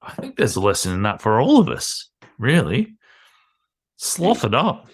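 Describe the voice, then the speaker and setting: A man hosting a podcast and chatting loosely with a guest. He jokes and laughs a lot in a somewhat low voice. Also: wildly swooping pitch, moderate pace. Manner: joking, chatty, laughs often. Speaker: podcast host. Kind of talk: casual chat.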